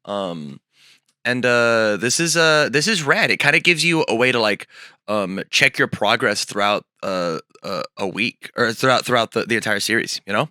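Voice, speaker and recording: A man hosting a stream in casual chat, his voice hoarse, eager and often repeating himself. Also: mid-range voice, expressive, moderate pace, bright, forceful tone, no echo, clean studio sound. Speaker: stream host.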